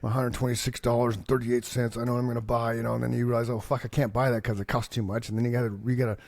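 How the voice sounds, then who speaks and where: A man's voice: medium pitch, little pitch movement, very fast, creaky, a little mellow, no echo. A man co-hosting a podcast, telling long rambling comic stories full of swearing and acted-out voices. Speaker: podcast co-host. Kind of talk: casual chat.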